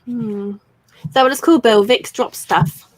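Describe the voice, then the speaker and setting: A woman's voice: fairly high pitch, fairly even intonation, moderate pace, dry recording, rough recording. A woman, chatting casually on a live stream and reading out viewer comments.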